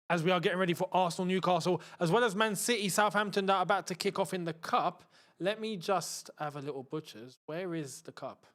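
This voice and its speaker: A young man with a London accent hosting a live football watchalong, chatting excitably and muttering to himself as he fiddles with the screen. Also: sits high. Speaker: football channel host.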